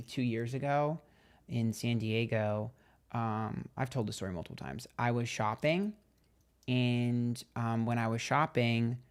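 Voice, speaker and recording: A young man talks casually to his livestream viewers. His voice is mid-pitched, and his delivery is chatty and gossipy, with plenty of swearing. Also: clear, resonant tone. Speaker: tarot reader and livestream host.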